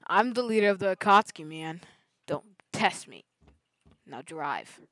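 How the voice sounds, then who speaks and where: A woman's voice: fairly low pitch, animated, a little slow, fairly bright tone, slight background noise, poor audio. A woman gaming with a friend in casual chat, playful and teasing, laughing often. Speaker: gamer.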